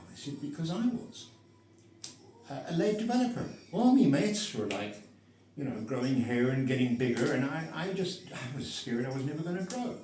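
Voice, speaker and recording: An older man in his sixties tells a personal story, trailing off and restarting his sentences as he wanders from point to point. His voice sits a bit high for a man and rises and falls a lot. The sound is roomy and echoey, picked up from a distance. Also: darkish tone, a little hiss or hum. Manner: digressive, self-interrupting, with frequent restarts. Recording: roomy echo, mic set far off.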